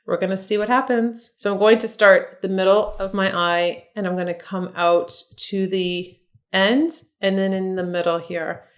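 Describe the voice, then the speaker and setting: A woman's voice: mid-range voice, fairly even intonation, normal speed. A middle-aged woman makeup artist giving a casual makeup tutorial, chatty and encouraging, talking straight to viewers. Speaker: makeup artist and beauty vlogger.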